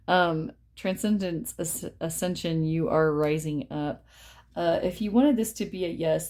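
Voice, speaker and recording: A woman's voice: deep voice, dark tone. A young woman giving a casual, reassuring card reading at home, reading card titles aloud. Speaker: tarot reader. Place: indoors at home.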